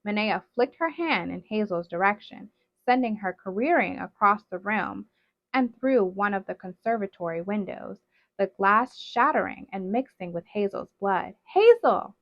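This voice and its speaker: A woman reading a novel aloud in steady, dramatic narration, on a dull, dry recording. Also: mid-range voice, moderate pace, no echo. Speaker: storybook reader.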